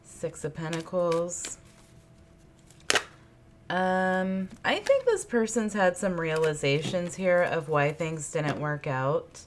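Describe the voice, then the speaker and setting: Expressive and slow, a woman with a fairly low pitch muses through an intuitive tarot reading, repeating phrases and asking spirit questions as cards are pulled. The background is noisy, with clicks from card shuffling.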